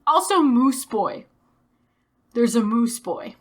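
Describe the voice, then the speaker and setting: A woman's voice: a little high, expressive, fairly bright tone. A woman from Texas co-hosting a podcast in casual chat, enthusiastic and casually profane. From Texas, USA. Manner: enthusiastic, swears casually, quick bursts. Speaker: podcast co-host.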